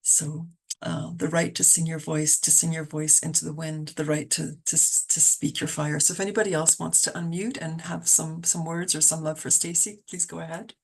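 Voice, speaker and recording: A woman from Canada hosts an online poetry reading. Her voice sits low and carries a gravelly edge. She talks in an easy, conversational way, with fillers and restarts. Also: little pitch movement, moderate pace, few pauses, slight background noise.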